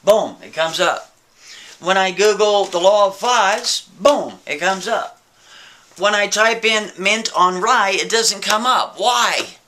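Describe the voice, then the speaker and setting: A stressed young painter, anxious and baffled, rambling as he frets over a puzzle, put on by a storyteller in his own bright voice. He sounds worn down and restless rather than theatrical. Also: high-pitched, takes it slowly, a little hiss or hum, pitched above the performer's own voice, full character voice. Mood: frazzled. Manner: fretful, rambling.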